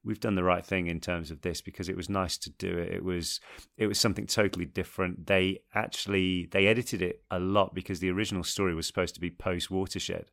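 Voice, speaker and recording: A man's voice: low voice, flat delivery, a little fast, creaky, few pauses, fairly bright tone. An English man in his thirties, an actor guest chatting casually and at length in an interview, laughing often.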